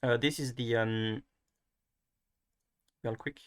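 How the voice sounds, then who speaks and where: A man's voice: medium pitch, fairly even intonation, slow. A young man, teaching pronunciation in a casual, hesitant way, thinking aloud and often restarting. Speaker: language teacher.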